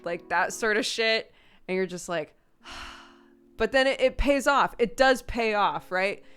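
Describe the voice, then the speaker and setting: A woman's voice: medium pitch, takes it slowly, a bit bright, smooth, faint music behind. Frank, swearing woman streamer chatting. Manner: candid and frank, swears casually, laughs often. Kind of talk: casual chat.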